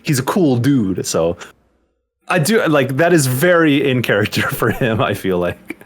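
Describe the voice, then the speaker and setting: Lively-voiced man in hesitant chat. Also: mid-range voice, unhurried. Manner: hesitant, restarts a lot, lively intonation. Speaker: podcast co-host. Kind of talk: casual game discussion.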